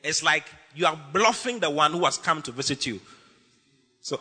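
A man preaching a lively, humorous sermon as pastor, teasing his congregation with bursts of shouting. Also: on the high side, moderate pace, slightly rough, long reverb tail.

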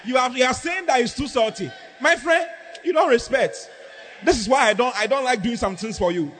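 A man putting on an indignant wife who shouts and scolds her husband during a sermon. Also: very high voice, extremely slow, a faint crowd, pitched above the performer's own voice, heavily acted. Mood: indignant shouting. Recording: echoey hall, faint background noise.

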